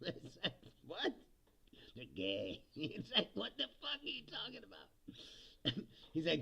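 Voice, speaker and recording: A man's voice: high voice, huge pitch swings, slow pace, creaky, pauses often, fairly bright tone, slightly rough, muffled recording. A man hosting a livestream, ranting casually about politics, laughing often and mocking people in put-on voices. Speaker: livestream host.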